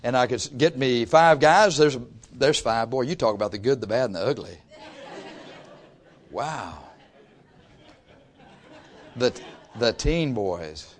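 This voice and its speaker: A pastor preaching to his congregation, swinging from loud rises to soft asides. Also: medium pitch, expressive, takes it slowly, pauses often. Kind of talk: sermon. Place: church before a congregation.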